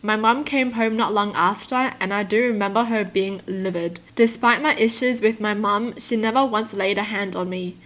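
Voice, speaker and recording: A young woman reads out stories and reacts to them in animated casual chat, laughing often. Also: medium pitch, moderate pace, few pauses. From Australia. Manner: animated, laughs often, slips into mock voices. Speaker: YouTuber reading and reacting to stories.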